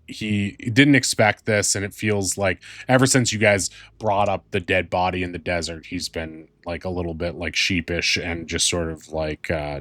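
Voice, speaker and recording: A man's voice: deep voice, fairly bright tone, dry recording. A man narrating as game master, rambling and thoughtful with many fillers.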